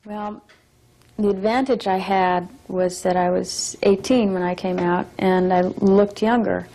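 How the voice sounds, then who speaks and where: A young adult actress speaking as an interview guest, thoughtful and measured, reflecting on her work. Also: medium pitch, fairly even intonation, mellow, rough recording.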